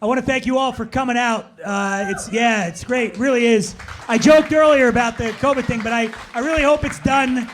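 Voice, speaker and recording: A man's voice: very high voice, steady tone, fairly quick, a bit bright, slight background noise. A man hosting a live comedy podcast, joking and then thanking his guests. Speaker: podcast host.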